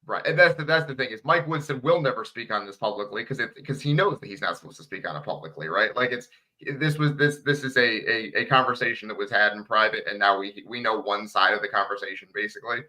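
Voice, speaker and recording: A man's voice: fairly low pitch, quick pace, sharp tone, poor audio. A man on a sports radio show as a guest reporter, chatting casually and filling with "like" and "right.". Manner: fills with "like" and "right".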